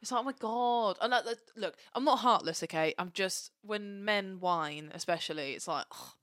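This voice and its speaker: A young Englishwoman co-hosting a podcast, chatting in an animated, sweary way and slipping into little acted-out voices. Her voice sits at a middling pitch, recorded close and dry. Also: normal speed, no room sound. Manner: animated, swears a lot, acts out characters. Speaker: podcast co-host. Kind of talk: casual chat.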